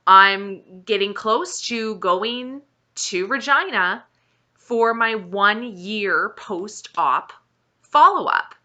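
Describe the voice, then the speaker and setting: A woman's voice: mid-range voice, extremely slow, bright, forceful tone. A woman who talks earnestly and encouragingly about her own weight-loss journey, stressing points by repeating them and sounding close to tears. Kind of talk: heartfelt personal talk to camera.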